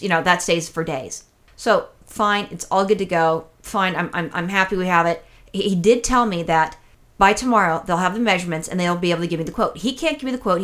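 Rapid-fire woman co-host, profane and exasperated, tells rambling stories and quotes other people. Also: lowish voice, a bit bright. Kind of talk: casual storytelling chat.

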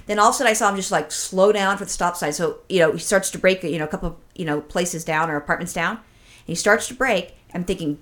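Profane, excitable woman telling a story. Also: on the low side, quick pace. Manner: profane, excitable, acts out her own reactions. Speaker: podcast co-host. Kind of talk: casual storytelling.

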